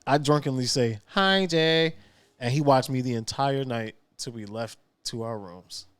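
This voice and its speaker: A man guesting on a podcast, reading a listener's story aloud in an animated way and laughing often. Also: medium pitch, normal speed, no echo.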